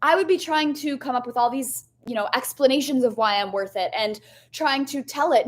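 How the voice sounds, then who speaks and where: A woman's voice: high-pitched, fairly quick. A young woman coach giving a candid, chatty motivational lesson, often asking "right?" and swearing casually. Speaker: life coach.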